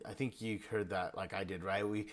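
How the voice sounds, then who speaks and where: A man's voice: low voice, fairly even intonation, fairly quick, heavy background noise. A man giving casual feedback in an online percussion lesson, now and then singing the rhythms on syllables. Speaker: percussion instructor.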